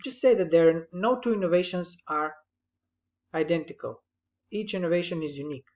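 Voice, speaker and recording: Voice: medium pitch, a little fast, highs cut off. A teacher patiently talking through corrections on a student's written summary. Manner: patient, explanatory, gently correcting. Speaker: English writing teacher.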